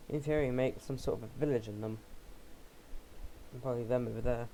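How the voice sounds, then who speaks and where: A man's voice: medium pitch, steady tone, brisk, dark tone, a little hiss or hum, rough recording. A young man giving rambling, jokey commentary while playing a game, often poking fun at himself. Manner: rambling, jokey, self-mocking asides. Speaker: game let's player. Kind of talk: casual gameplay commentary.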